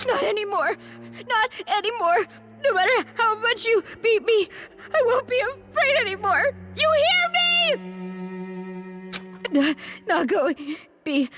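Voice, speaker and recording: A woman's voice: very high voice, exaggerated voice. A woman voicing a traumatized young boy in a video game who stammers through sobs and screams frantically, with game music underneath. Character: traumatized young boy, cheerful killer cracking under fear.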